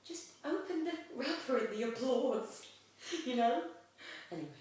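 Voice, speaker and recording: A young actress chatting in an interview, lively, with frequent laughs and "um" fillers. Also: female voice, high voice, unhurried. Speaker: actress guest. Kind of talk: casual interview chat. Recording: echoey room, mic at a distance.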